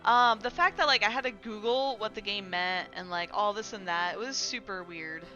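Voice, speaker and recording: A woman's voice: mid-range voice, normal speed, pushed and bright, muffled recording. A woman streaming live in a casual, chatty way at home, laughing often and talking to her cat. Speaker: Twitch streamer. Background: faint music from a playlist.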